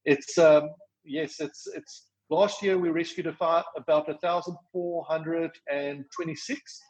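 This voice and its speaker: A charity worker with a South African accent explains his organization's rescue work in a podcast interview. He talks fast with lots of fillers and restarts, his voice is fairly high, and the recording is rough.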